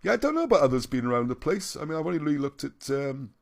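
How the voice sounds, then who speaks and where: A man's voice: a little high, very animated, racing, vocal fry, dry recording. Man rambling through a livestream, dry sound. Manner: rambling, restarts often, chuckles at his own points. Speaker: livestream host. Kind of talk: livestream talk, reading viewer comments.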